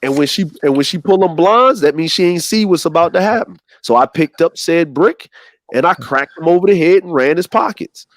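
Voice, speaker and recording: A man's voice: a little high, fairly quick, no echo. A man telling a funny story in casual chat, acting out voices as he goes. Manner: animated, acts out voices in his stories. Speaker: co-host.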